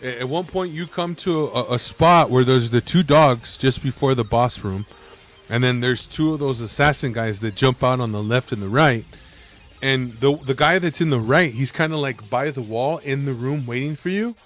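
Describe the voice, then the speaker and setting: A man's voice: mid-range voice, moderate pace, faint music behind. Brash, swearing male streamer. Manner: brash, argumentative, swears, says bro and dude. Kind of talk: casual live-stream chat.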